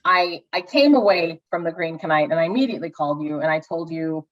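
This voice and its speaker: A woman's voice: low voice, animated, fairly quick, lo-fi sound. A woman co-hosting a podcast in casual chat about films, gushing and rambling with many restarts and acted-out asides. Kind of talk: casual movie review chat.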